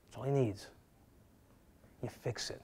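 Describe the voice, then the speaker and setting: A middle-aged man teaching a real estate class in a lively lecture style. He is animated and dramatic, acting out panicked agents and joking with the students. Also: mid-range voice, measured pace, breathy edge.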